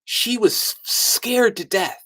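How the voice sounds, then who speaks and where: A man's voice: high-pitched, slow pace. A man telling a story as a sales speaker, acting out what people said. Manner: animated storyteller who acts out the quotes. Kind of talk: storytelling talk.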